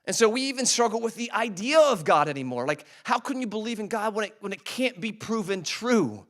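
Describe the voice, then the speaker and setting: A man preaching a sermon in a conversational way, slowing down to stress scripture and asking the congregation to repeat after him. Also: sits high, animated, fairly bright tone. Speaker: pastor. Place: church service.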